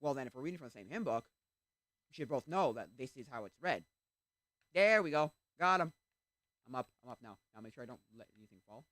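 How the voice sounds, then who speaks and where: Animated rambling male game streamer. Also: mid-range voice, quick pace, long pauses, no echo. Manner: rambling, animated, interrupts himself to react to the game. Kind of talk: casual chat while playing.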